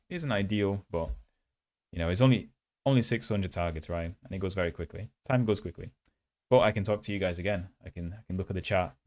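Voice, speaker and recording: A man's voice: deep voice, dry recording. A man hosting a coding livestream, chatting casually and reading chat while his build runs, at times holding the mic close in a mock ASMR voice. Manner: chatty and self-mocking, reads chat aloud. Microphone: handheld mic held close.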